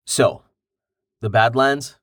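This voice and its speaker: Male narrator as curious young man, pushy with questions, unhurried delivery. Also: medium pitch, fairly bright tone, no echo, clean studio sound. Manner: inquisitive, exasperated questions.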